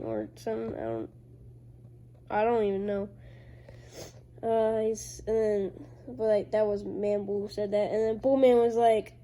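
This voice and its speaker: Woman rambling slow about her own comics, lots of ums, soft mellow voice. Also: mid-range voice, fairly even intonation. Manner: rambling, unsure, lots of fillers. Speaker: comic creator showing her drawings. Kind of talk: casual show-and-tell narration.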